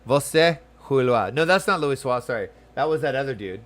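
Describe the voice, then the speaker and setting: A man casually commentating his game session, chatty and excitable, often reading the on-screen text aloud. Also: medium pitch, fast talker. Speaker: game streamer. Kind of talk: let's-play commentary.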